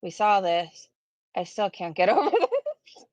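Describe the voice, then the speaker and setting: A woman's voice: medium pitch, huge pitch swings, measured pace, a little mellow, dry recording, lo-fi sound. A woman doing casual live-stream commentary, chatting and reading viewer comments aloud with blunt, swearing asides.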